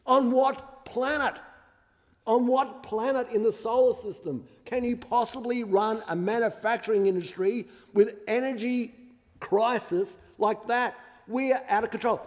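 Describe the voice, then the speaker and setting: A man's voice: extremely high pitch, steady tone, a little slow. An Australian man, a member of parliament, giving a combative and sarcastic debate speech, mocking his opponents. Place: large parliamentary chamber. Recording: long reverb of a large chamber.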